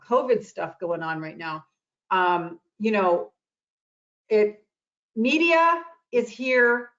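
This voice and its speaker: Woman doing a heartfelt self-help talk, repeats herself for emphasis, kinda dull lo-fi sound. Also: mid-range voice. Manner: earnest, repeats phrases for emphasis. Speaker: guest speaker on self-love and anxiety. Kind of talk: motivational talk.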